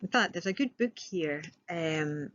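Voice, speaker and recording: A woman's voice: fairly low pitch, animated, unhurried, a bit bright, muffled recording. A woman giving a recorded presentation as a trainer, explaining step by step with rhetorical questions and the odd filler.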